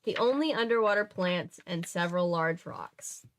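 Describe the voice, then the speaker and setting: A woman's voice: lowish voice, moderate pace. Young woman reading a book aloud casually. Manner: chatty asides, stumbles and self-corrections. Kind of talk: casual read-aloud livestream.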